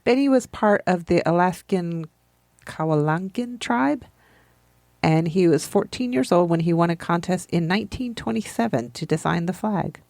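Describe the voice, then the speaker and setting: A woman's voice: lowish voice, lively intonation, normal speed, creaky, a little mellow, dry recording, studio quality. A woman co-hosting a podcast, rambling through fun facts in a chatty, giggly way. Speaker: podcast co-host. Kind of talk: casual chat.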